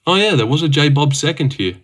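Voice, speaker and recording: A man's voice: a little high, sing-song, a little fast, background noise. A young man livestreaming, casually reading viewer messages aloud and teasing his chat. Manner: reads viewer messages aloud and teases chatters.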